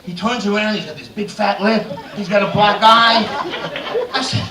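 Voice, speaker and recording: A man's voice: high-pitched, fairly even intonation, moderate pace, a crowd in the background. Crude male comic in an echoey room. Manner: crude, bawdy joke-telling with frequent "I said, he said". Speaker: stand-up comedian. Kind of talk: stand-up comedy set. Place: comedy club stage. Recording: echoey room, mic far off.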